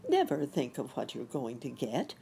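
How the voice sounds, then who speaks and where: A woman voicing a kindly, jolly old rabbit gentleman in a storybook, gentle and cheerful. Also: rumbling low, wildly swooping pitch, moderate pace, creaky, a little hiss or hum, full character voice.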